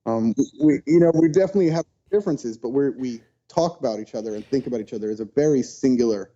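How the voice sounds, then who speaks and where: A man being interviewed on a podcast, telling childhood stories in an animated way and acting out what people said. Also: mid-range voice, quick pace, highs cut off. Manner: animated storyteller, acts out quotes. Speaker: podcast guest. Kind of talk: casual storytelling interview.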